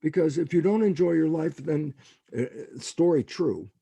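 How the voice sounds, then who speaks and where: Gravelly older man telling animated stories. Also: a little high, normal speed, no room sound. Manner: animated storyteller, acts out quotes. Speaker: guest scientist. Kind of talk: storytelling in a podcast interview.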